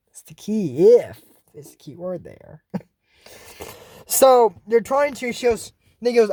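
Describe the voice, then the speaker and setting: Lively, excitable cartoon recap vlogger. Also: medium pitch, slow, long pauses, dry recording, studio quality. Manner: excitable, chatty, many fillers and restarts. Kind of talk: casual rambling recap commentary.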